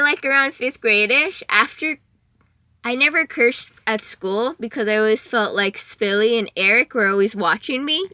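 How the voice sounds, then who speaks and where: A young woman with a bright, fairly high voice rambles through casual chat as a podcast guest. She giggles, restarts and interrupts herself as she goes. The recording is dry and close. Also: dry recording.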